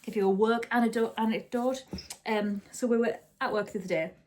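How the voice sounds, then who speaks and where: A woman's voice: on the high side, steady tone, fairly quick, darkish tone, a little hiss or hum. A woman chatting casually at home as host of a knitting podcast, rambling and often correcting herself. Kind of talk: casual chat.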